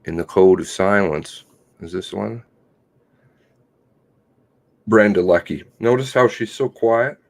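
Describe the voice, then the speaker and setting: A man's voice: slow, gravelly, pauses often. Sarcastic man ranting on a livestream. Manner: sarcastic, mocking, swings from loud outbursts to low mutters. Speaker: livestream host. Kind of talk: casual livestream commentary.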